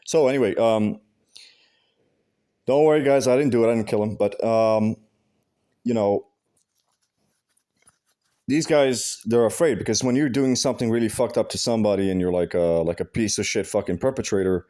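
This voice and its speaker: Man, lowish mellow voice, rambling vlog talk, lots of filler and swearing. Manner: halting, with many fillers and restarts; heavy profanity, blunt and aggrieved. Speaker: vlogger. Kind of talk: casual rambling monologue.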